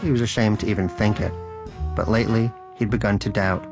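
A man's voice: lowish voice, steady tone, a little fast, gravelly, over music. A man narrating a storybook in a scripted, dry and wry way. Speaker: audiobook narrator.

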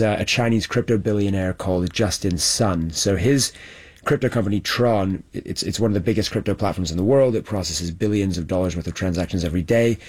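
A male documentary journalist explaining his findings in a panel discussion, measured and steady, with some fillers. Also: low voice.

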